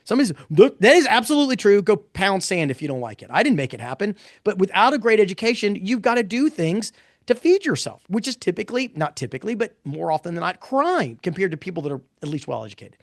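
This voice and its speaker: Middle-aged male pollster, slightly high voice, blunt and animated, restarts often. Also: quick pace, no room sound, studio quality. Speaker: pollster presenting poll results. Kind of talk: casual live webinar talk.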